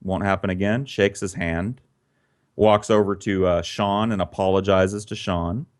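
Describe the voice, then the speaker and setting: A man telling a story casually, animated and profane, laughing often. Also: deep voice, a little slow. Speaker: podcast storyteller.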